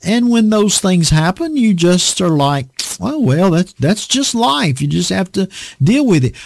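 Slow, animated man preaching. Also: gravelly, no echo. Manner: slow, deliberate preaching with lively swings in pitch. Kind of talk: sermon.

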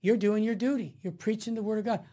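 A man's voice: high-pitched, fairly even intonation, fast talker, warm tone. An older married man talking earnestly and eagerly about his faith. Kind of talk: conversational faith talk.

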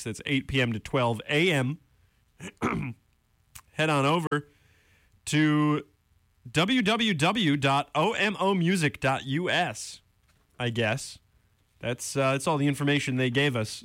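A man's voice: mid-range voice, no room sound. Young guy, college radio DJ, exasperated on-air rant, voice swinging all over, dry studio sound. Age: young adult. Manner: animated, exasperated ranting. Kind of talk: casual on-air rant and song intro.

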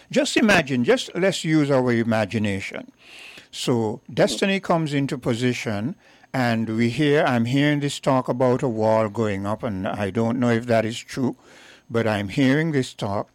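A man hosting a call-in radio talk show, speaking deliberately and stressing key words. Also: medium pitch, no echo.

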